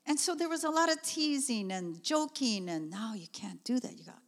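A woman's voice: fairly high pitch, moderate pace. Woman preaching in an echoing church hall. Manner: conversational, animated storytelling with asides. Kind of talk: sermon. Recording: long reverb of a church hall.

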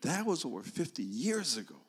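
An older man preaching a sermon, telling a story slowly and moving between loud emphasis and hushed, near-whispered lines. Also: on the high side, big pitch swings, breathy edge. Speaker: pastor. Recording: long reverb of a large hall.

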